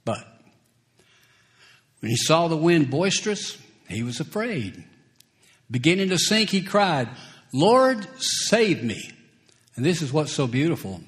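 Slow, deliberate, higher-voiced male preacher. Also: very animated. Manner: slow and deliberate, acting out scripture quotes; chuckles between points. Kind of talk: sermon.

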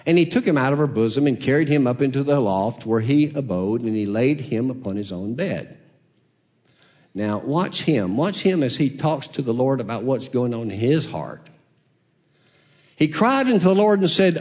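A male pastor preaching a sermon, moving from hushed, drawn-out lines to loud, rising exclamations. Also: medium pitch, expressive.

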